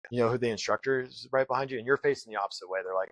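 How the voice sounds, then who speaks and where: A man recounts a story at a quick clip, slipping into other people's voices for the quoted lines. The sound is dry and close, with no room behind him. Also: medium pitch, no room sound, rough recording. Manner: fast, animated retelling with voiced quotes. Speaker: guest. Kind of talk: casual storytelling.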